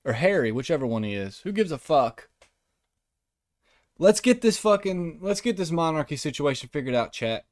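A man's voice: on the high side, very animated, moderate pace, a little mellow, no echo, clean studio sound. A man hosting a podcast, delivering a profane, mocking comedic rant. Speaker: podcast host.

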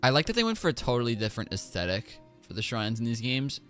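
An excitable man commentating live as he plays, joking to himself and shouting his excitement. His pitch is lively and bounces up and down. Faint game music plays underneath. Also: quick pace. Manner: excitable, exclaims and jokes to himself. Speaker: streamer.

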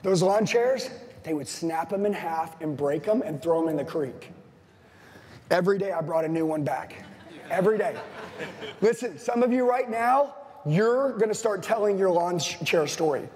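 A man's voice: high voice, lively intonation, normal speed, darkish tone, long reverb tail. A man in his forties, a sales trainer giving an intense, blunt motivational speech to a live audience, swearing and hammering repeated lines. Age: 40s.

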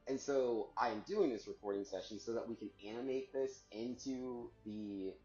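A man's voice: mid-range voice, moderate pace, warm tone, echoey room, highs cut off, soft background music. A man rambling in a casual monologue, full of "like", laughing often and swearing freely. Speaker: vlogger recording himself.

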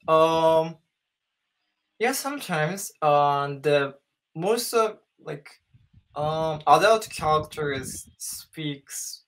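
A man's voice: fairly high pitch, a bit bright. A man in his thirties from Japan with a Japanese accent, practicing English in a casual chat on a video call, hesitating often and searching for words. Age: 30s. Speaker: English learner.

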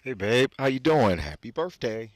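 A man leaving a relaxed, affectionate birthday message for his partner. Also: mid-range voice, moderate pace, no room sound. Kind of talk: casual spoken birthday message.

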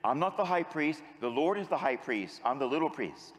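A man's voice: a little high, animated, moderate pace, in a large hall. A man, a priest, preaching a sermon and telling a story, then leading the congregation in call-and-response. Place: large church with long echo.

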